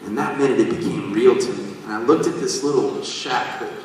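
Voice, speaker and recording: A singer on stage telling the audience a personal story, animated and self-deprecating. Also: male voice, medium pitch, brisk, slight background noise. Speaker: singer addressing a concert audience. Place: large concert venue. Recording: echoey live hall, taken from far off.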